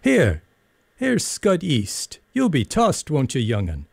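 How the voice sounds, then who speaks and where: Man putting on a brisk, raised, teasing older boy, lively calls, husky tone. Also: on the high side, no echo, voice pushed up, full character voice. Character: bossy older schoolboy leading the tossing.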